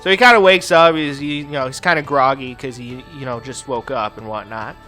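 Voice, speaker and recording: A man's voice: medium pitch, brisk, pushed and bright, soft background music. A man hosting a gaming channel, telling a story in a profane, ranting way while playing. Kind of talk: casual chat while playing a game.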